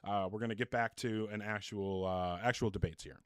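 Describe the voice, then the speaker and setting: A man's voice: fairly low pitch, steady tone, brisk, clean tone, no room sound, clean studio sound. A man hosting a live call-in debate stream, bluntly questioning callers and restating their premises.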